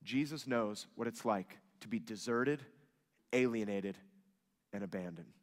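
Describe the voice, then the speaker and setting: A man preaching a sermon, swinging from loud emphatic rises to soft hushed lines. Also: fairly low pitch, measured pace. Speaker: pastor. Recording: long hall reverb.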